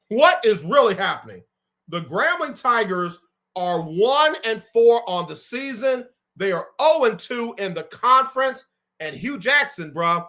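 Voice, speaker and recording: A man hosting a casual sports talk show, running through college football rankings in an animated, conversational way with slang asides. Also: on the high side. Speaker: show host.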